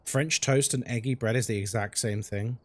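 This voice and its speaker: A man's voice: mid-range voice, steady tone, moderate pace, a little hiss or hum. A young man streaming a ghost-hunting game live, chatting casually with his chat while he plays and reacting to what happens in the game.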